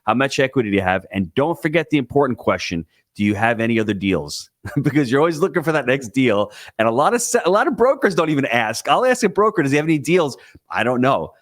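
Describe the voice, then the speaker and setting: A man speaking as a guest on a podcast, giving investing advice in an emphatic, excitable, coaching way. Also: medium pitch, fast talker, no room sound, clean studio sound. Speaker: guest real estate investor. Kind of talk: podcast interview.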